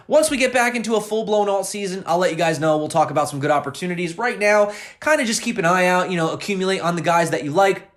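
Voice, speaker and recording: A young man hosting a crypto news channel, chatting casually and talking straight to his viewers. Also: sits high. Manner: chatty, addresses viewers directly.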